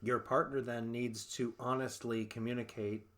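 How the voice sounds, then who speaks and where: A man's voice: mid-range voice, level tone, normal speed, a bit bright. A man co-hosting a marriage podcast, methodically summarizing advice on honesty and boundaries step by step. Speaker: podcast co-host. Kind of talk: relationship advice talk.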